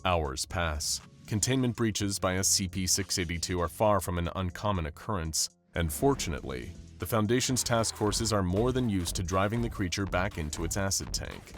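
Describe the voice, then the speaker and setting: A man narrates an animated story with dramatic storyteller flair. His voice sits on the low side but rises and falls with lively emphasis, and faint music plays beneath him.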